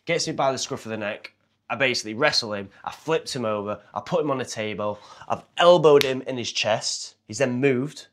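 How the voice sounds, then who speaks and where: A man's voice: medium pitch, brisk, a little hiss or hum. A young man with a fighter's background, retelling a story casually and animatedly, acting out the people in it. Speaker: martial arts fighter and confidence coach.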